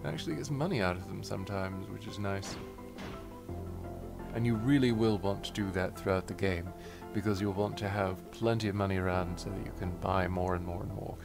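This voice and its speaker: A man's voice: deep voice, brisk, vocal fry, music in the background. A man giving playful game commentary while reading dialogue aloud. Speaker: let's player.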